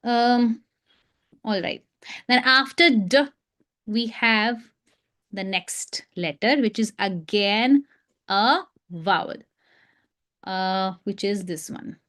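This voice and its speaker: A woman's voice: medium pitch, slow, pauses often, fairly bright tone. A woman with an Indian English accent, teaching phonics sounds in a live online lesson and drilling each sound through short repetitions. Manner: demonstrates letter sounds with short repeated drills.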